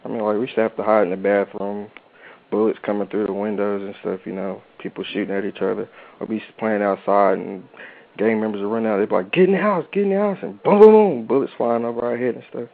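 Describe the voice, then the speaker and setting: A man's voice: on the low side, level tone, fast talker, vocal fry. A young man from North Carolina, earnestly recounting his own story as an interview guest, with lots of "like" and "you know". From Charlotte, North Carolina. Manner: earnest, informal, says "like" and "you know" a lot. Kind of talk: personal storytelling. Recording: tinny phone-like radio audio.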